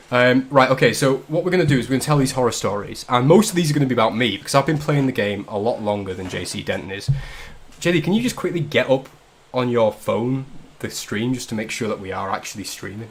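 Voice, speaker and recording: A man's voice: mid-range voice, lively intonation, quick pace. A man from the north of England hosting a casual drinking livestream, cracking jokes and swearing with loose banter. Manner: swearing, joking banter with frequent laughs. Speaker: livestream host. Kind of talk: casual drinking-stream chat.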